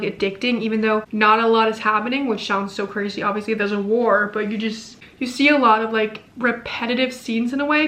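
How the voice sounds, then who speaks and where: A woman's voice: on the high side, fairly bright tone. A young woman vlogging to camera about a novel she is reading, chatty and gushing, with many fillers. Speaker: book vlogger. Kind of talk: casual chat to camera.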